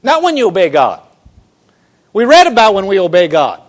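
High-voiced emphatic man preaching. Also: wildly swooping pitch, normal speed. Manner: emphatic, rhetorical questions to the congregation; repeats words for emphasis. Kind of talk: sermon.

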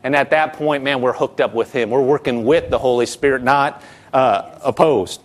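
A man's voice: medium pitch, normal speed. A man pastor preaching a sermon in a conversational way, repeating key phrases and restarting sentences as he talks.

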